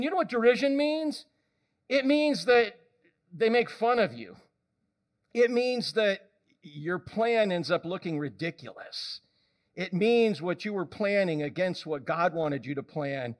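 A male preacher giving a lively, conversational sermon, often questioning the congregation. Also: sits high, takes it slowly.

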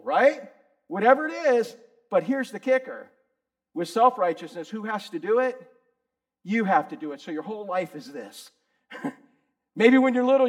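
A middle-aged man preaching a sermon in a conversational way, talking to his listeners by name and rising to loud emphasis. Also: high voice.

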